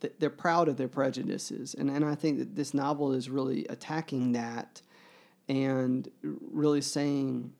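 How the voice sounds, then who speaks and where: A man in an earnest book discussion, talking in halting bursts full of fillers and restarts. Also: medium pitch, flat delivery, gravelly, a little mellow. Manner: grows emotional while reading aloud.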